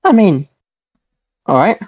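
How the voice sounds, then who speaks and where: Young man, sarcastic teasing, mid pitch, muffled lo-fi sound, dry. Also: sing-song, slow, a little mellow, dry recording. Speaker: opponent in online game. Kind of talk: casual gaming banter.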